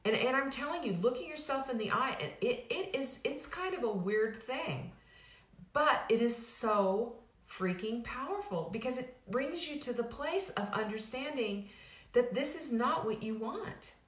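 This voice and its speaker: A woman's voice: a little high, lively intonation, a little slow. A middle-aged woman hosting a weight-loss program, giving an emphatic motivational talk with many restarts and repeated phrases. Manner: emphatic, repetitive, casual with frequent restarts. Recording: roomy echo.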